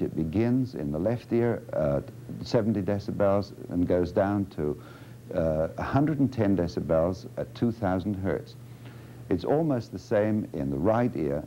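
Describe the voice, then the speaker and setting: Low-voiced man explaining a speech evaluation. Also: mellow, slight background noise. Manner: measured, explanatory, patient coaxing with a child. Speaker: speech clinician. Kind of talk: instructional demonstration. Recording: dull lo-fi 1980 videotape.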